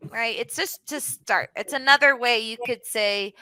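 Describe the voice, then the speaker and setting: A woman's voice: a little high, animated, measured pace, hardly any pauses, bright, forceful tone, dry recording, poor audio. A woman teaching English in a one-to-one online lesson, explaining patiently with lots of examples and casual fillers over a video call. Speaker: English tutor.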